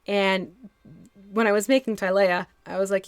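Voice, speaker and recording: Woman, from the US, casual live-stream chat, mid-pitched, dry close sound, chatty, laughs often. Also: fairly even intonation, moderate pace, no room sound. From United States (Texas, then New Jersey). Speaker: miniature painter and live streamer.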